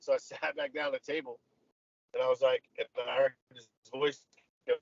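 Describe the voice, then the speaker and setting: A man's voice: medium pitch, fairly even intonation, brisk, vocal fry, a bit bright, dry recording, dull audio. A man telling a story in casual chat as a guest, loose and profane, laughing between lines.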